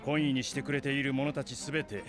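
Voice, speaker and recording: An actor plays a cautious grown shopkeeper in an anime, blunt and skeptical of a risky deal. He talks very fast. Faint soundtrack music sits behind him. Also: medium pitch, steady tone, close to an everyday voice. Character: grown male shopkeeper merchant, gruff and cautious.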